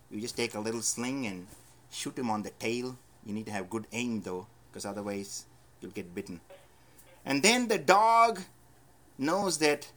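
A man with a mid-range voice preaches a sermon, telling a Bible story in a lively storytelling style. He swings from loud emphasis to soft asides.

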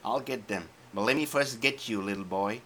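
A man's voice: moderate pace, slight background noise. A man voicing an arrogant, mocking giant who bellows his taunts in a raised voice. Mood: boastful. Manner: bellowing taunts, loud and pitched up.

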